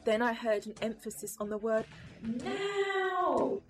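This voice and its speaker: A woman's voice: fairly high pitch, sing-song, slow pace. A woman describing a vision with intense, dramatic emphasis. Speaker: testimony speaker. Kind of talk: personal testimony. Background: music.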